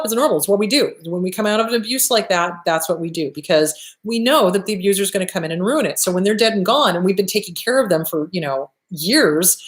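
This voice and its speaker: A woman therapist giving blunt advice, emphatic and swearing freely, often acting out quoted voices. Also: medium pitch. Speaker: therapist and show host. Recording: echoey room.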